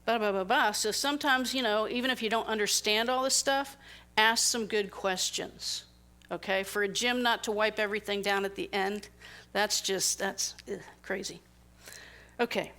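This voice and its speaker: A woman's voice: medium pitch, moderate pace. A middle-aged woman giving a conversational sermon, telling personal stories and acting out the people in them. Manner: animated storytelling, acting out quoted people. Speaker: speaker.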